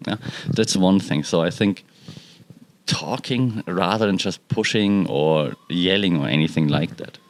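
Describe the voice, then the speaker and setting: A man's voice: low voice, a little slow. A man hosting a casual solo podcast from his balcony, rambling and stopping to talk to his cats. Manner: relaxed, rambling, talks to his cats mid-sentence. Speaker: podcast host and cat owner. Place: balcony at home.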